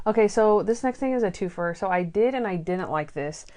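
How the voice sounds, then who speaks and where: A woman hosts a podcast in a loose, conversational way. She retells scenes with energy and drops into playful voices for the quotes. Her voice sits at an ordinary middle pitch. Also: animated, a little fast, darkish tone. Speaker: podcast host. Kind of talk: casual recap chat.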